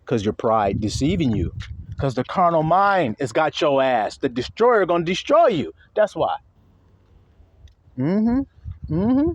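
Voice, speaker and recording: A fiery, profane male preacher with a lively voice that leaps from low, gruff asides to high, mocking squeals. He reads scripture slowly and deliberately in a fairly high voice, captured close and dry with almost no room sound. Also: no echo. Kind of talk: fiery sermon with scripture reading.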